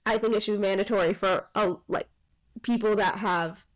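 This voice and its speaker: A woman co-hosting a podcast, casually retelling a film's plot with lots of "like" fillers and quick asides. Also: mid-range voice, fairly even intonation, rough recording. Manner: rambling retelling of a film plot, many "like" fillers. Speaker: podcast co-host. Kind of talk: casual chat.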